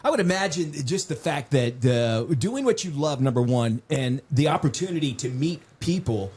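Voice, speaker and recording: A man's voice: medium pitch, lively intonation, moderate pace, a little mellow. A man hosting a casual interview, asking long, rambling questions. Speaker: host.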